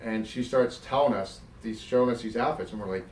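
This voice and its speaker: Brisk and medium-pitched, a middle-aged ex-wrestler from South Jersey swears freely and acts out quoted dialogue while telling stories in an interview. The room is echoey and he's recorded from a distance, with an animated delivery throughout.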